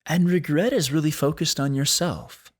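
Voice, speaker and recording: A man hosting a solo podcast, talking in an earnest, thoughtful way and slowing down to stress key points. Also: a little high, steady tone. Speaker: podcast host. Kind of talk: reflective solo podcast talk.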